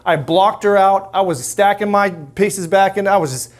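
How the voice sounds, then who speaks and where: A middle-aged man talks to a live audience in a loose, self-deprecating way. His voice sits a little high for a man, and he often restarts his sentences and fills the gaps with "um" and "you know." He keeps turning to the room with questions. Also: moderate pace. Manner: conversational, self-deprecating, many restarts and fillers. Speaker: speaker at a men's ministry talk. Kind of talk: casual talk to a live audience.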